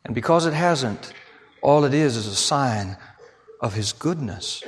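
A man preaching a sermon as pastor, swinging between shouted passages and hushed, near-whispered ones. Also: medium pitch, lively intonation, a little slow.

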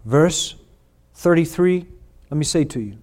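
A man preaching a sermon, reading scripture and swinging from hushed, slow lines to loud, drawn-out emphatic ones. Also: fairly high pitch, animated. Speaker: pastor.

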